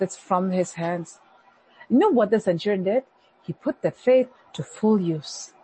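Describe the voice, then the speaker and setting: A woman pastor preaching a sermon, animated, acting out the complaints of the people she preaches about. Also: medium pitch, slightly rough, low-quality recording.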